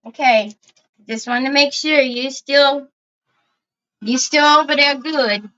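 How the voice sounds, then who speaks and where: A woman's voice: high voice, slow pace, long pauses, pushed and bright. A middle-aged woman hosting a crafting live stream, chatting casually and directly to her viewers. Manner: chatty, talks straight to viewers. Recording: slightly dull lo-fi stream audio.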